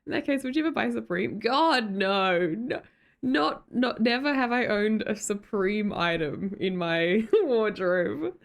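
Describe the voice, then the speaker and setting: A woman's voice: fairly high pitch, expressive, unhurried, gravelly. A young Australian woman hosting a livestream, chatting casually with viewers and reading their comments, giggly and full of fillers and self-corrections. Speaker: livestream host.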